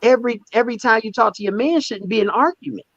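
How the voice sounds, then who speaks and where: A man telling candid stories as a guest in a conversational interview, emphatic and animated, often repeating words as he restarts. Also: very high voice, fast, creaky, no echo, lo-fi sound. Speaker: stand-up comedian and guest.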